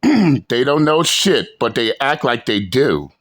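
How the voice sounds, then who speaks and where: A man hosting a reaction video, talking slowly and emphatically in a profane, ranting commentary. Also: medium pitch, big pitch swings, fairly bright tone. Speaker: channel host reacting to clips.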